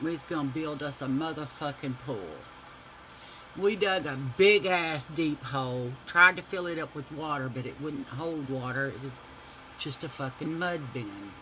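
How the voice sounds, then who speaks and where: A man telling a profane, animated childhood story to his viewers while doing makeup. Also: a little high, a little hiss or hum, poor audio. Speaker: beauty vlogger.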